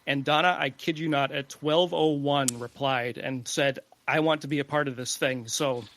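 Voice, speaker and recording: A man guest on a podcast, telling a relaxed story and laughing as he talks. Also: a little high, normal speed. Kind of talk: casual chat.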